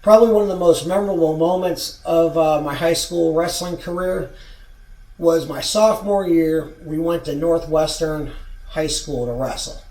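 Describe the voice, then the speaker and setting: A man's voice: a little high, darkish tone. A man in his forties telling a rambling, profane story from his own past in a casual vlog. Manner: rambling, profane, restarts a lot. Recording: roomy sound, far from mic.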